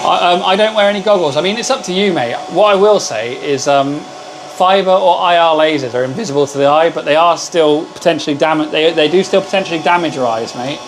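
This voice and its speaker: Over the hum of machines in his home workshop, where laser machines sit around him, a livestream host keeps up a casual, chatty stream, greeting viewers as mate. He speaks briskly in a voice on the high side, and the recording is rough.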